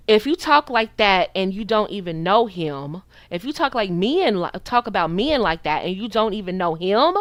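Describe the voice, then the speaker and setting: A woman's voice: mid-range voice, smooth, dry recording. An American woman in her forties, a channel host giving preachy, sassy dating advice to camera. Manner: animated, preachy, with sassy quoted voices. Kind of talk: opinionated commentary to camera.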